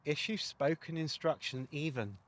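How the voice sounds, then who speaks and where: A man's voice: on the high side, moderate pace. A man presenting a casual walkthrough of a motorcycle sat nav, chatty with wry asides.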